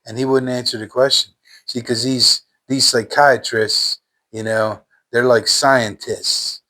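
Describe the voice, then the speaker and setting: A man's voice: mid-range voice, fairly even intonation, a little slow, pushed and bright. A man telling his personal faith testimony in a fervent, emphatic way, repeating phrases in casual everyday speech.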